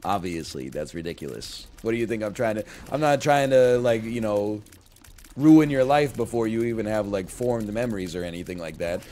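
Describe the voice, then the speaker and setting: A man's voice: fairly low pitch, normal speed, a little hiss or hum. Chatty rambling male streamer. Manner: rambling storytelling with sudden loud excited voices for bits. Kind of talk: casual stream chat.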